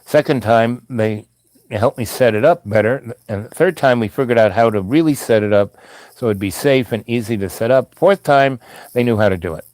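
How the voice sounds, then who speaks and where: A man's voice: medium pitch, moderate pace, darkish tone, no room sound. Rambling male storyteller, dry close sound. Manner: meandering, full of asides and restarts.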